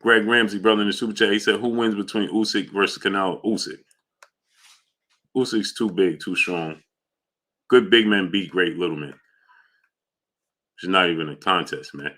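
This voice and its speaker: Boxing stream host from New York, man, low-pitched but bright and forceful, shout-outs to chat. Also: fairly even intonation, moderate pace, long pauses. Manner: shouts out viewers by name, loud hype bursts. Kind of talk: casual livestream chat reading super chats.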